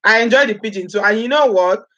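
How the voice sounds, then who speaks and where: A woman's voice: medium pitch, fast talker, a bit bright, muffled recording. A woman from Edo State with a Nigerian accent, chatting on a live vlog, greeting viewers by name and slipping into Pidgin. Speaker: vlogger host.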